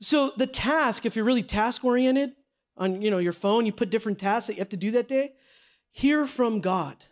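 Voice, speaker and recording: High-pitched man leading a Bible study class, energetic and chatty, quizzes his listeners as he goes. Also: a little fast. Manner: energetic, conversational, asks the group questions. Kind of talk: classroom teaching with slides. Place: classroom with a group.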